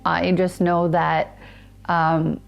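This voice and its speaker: A woman in her thirties, a podcast guest, telling a personal story in a reflective, halting way with many fillers and restarts. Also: on the low side, little pitch movement, vocal fry.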